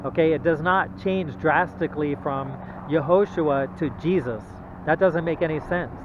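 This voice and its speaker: A man with a fairly high voice teaches about the Bible in a halting, repetitive way, stopping to ask "okay?". The sound is thin and phone-like, with a faint hum of traffic behind him. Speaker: religious video presenter. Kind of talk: informal Bible teaching monologue. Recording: tinny phone-like audio.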